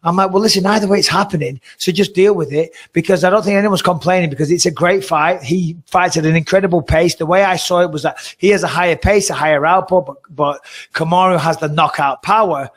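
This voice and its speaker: A man co-hosting a podcast, chatting casually in an animated, rambling way with the odd swear. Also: high-pitched, fast. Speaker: podcast co-host.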